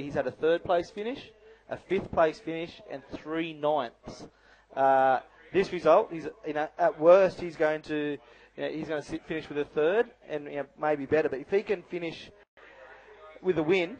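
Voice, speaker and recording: A man's voice: on the high side, darkish tone, highs cut off. A man giving live color commentary on a bodyboarding contest, chatty and analytical with lots of "you know".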